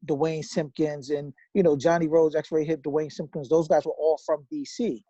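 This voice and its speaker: Mellow male guest, dry muffled sound. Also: a little high, little pitch movement, moderate pace, no echo. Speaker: interview guest. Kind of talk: casual interview chat.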